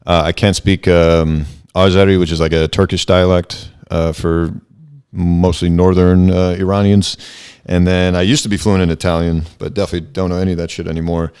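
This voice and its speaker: A man's voice: deep voice, little pitch movement, a little fast, a little mellow, clean tone. A man guesting on a podcast, talking casually and hesitantly, self-deprecating about his stand-up comedy. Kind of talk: casual chat.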